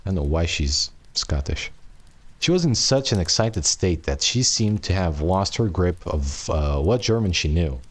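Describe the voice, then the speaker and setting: A man's voice: low-pitched, big pitch swings, unhurried, slightly rough. A man casually reading a novel aloud on a live stream, tripping over long words and tossing in jokey asides.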